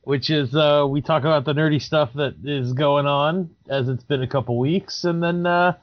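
A man's voice: fairly high pitch, fairly even intonation, moderate pace, highs cut off. A man co-hosting a casual podcast about tabletop games, stammering into restarts and joking lightly. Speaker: podcast co-host.

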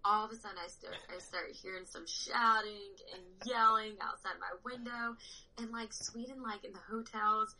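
A young woman tells stories in casual conversation. Her voice is strikingly bright and clear, and she talks animatedly, often breaking into laughter. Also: mid-range voice, fairly even intonation, normal speed, rough recording. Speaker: powerlifter guest. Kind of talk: casual chat.

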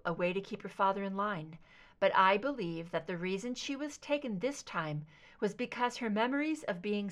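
A woman voicing a calm, firm female FBI agent in an audiobook, speaking steadily and low. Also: close to an everyday voice.

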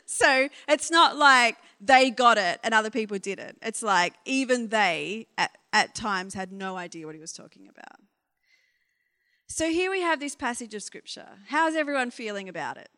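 A woman's voice: a little high, lively intonation, normal speed, bright, forceful tone. Candid woman preaching in a reverberant hall. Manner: candid, conversational, exasperated questioning. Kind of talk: informal sermon.

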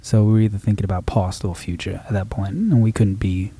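A man's voice: lowish voice, steady tone, brisk, mellow, slightly rough. A man, a musician guest, talking reflectively in a casual interview, rambling with frequent restarts.

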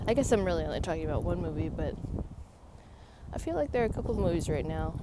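A woman's voice: lowish voice, expressive, quick pace. A woman around thirty, vlogging casually on a walk in a park, with rambling, wry, self-mocking asides. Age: 30s. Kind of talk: casual vlog while walking a dog. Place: outdoor park. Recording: faint outdoor noise.

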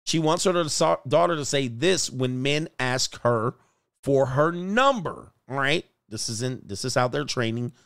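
A man's voice: mid-range voice, expressive, unhurried, vocal fry, fairly bright tone, clean tone, no room sound, studio quality. A man reacting to video clips in casual, crude, exasperated commentary.

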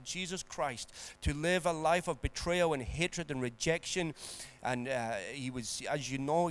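A man preaching and praying, moving from hushed, tender prayer to loud, emphatic preaching. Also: on the high side. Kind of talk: sermon and spoken prayer.

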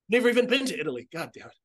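A man guest on a casual podcast chat, talking quickly, swearing and trailing off. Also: high voice, big pitch swings, fairly bright tone.

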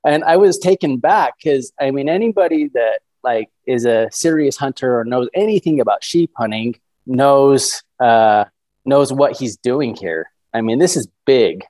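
A man in his thirties telling a story as a podcast guest, eager and animated. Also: medium pitch, measured pace, no echo, poor audio. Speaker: guest hunter.

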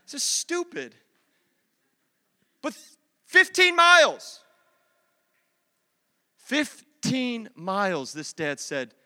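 A man's voice: very high voice, bright, forceful tone. A male pastor preaching a sermon in a church, fervent and conversational, driving points home with repetition. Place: church sanctuary. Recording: long church-hall reverb.

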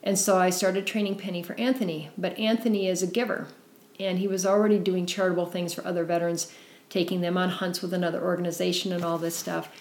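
Middle-aged woman telling a long story in an interview, kinda low voice, earnest, lots of ums, echoey room. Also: flat delivery, fast. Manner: earnest, warm storytelling with frequent fillers. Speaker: guest, founder of a service dog foundation.

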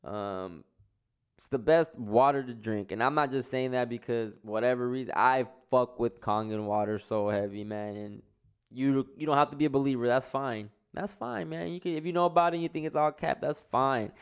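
Stoned guy hosting his own podcast, cussing a lot, rambly, smooth clear voice. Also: medium pitch, moderate pace. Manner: rambling, profane, slangy. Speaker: podcast host. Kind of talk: casual solo podcast monologue.

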